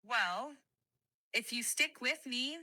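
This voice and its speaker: A synthetic female AI assistant voice, answering politely in a measured, accommodating way. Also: fairly high pitch, lively intonation, pushed and bright, dry recording. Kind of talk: conversational AI replies.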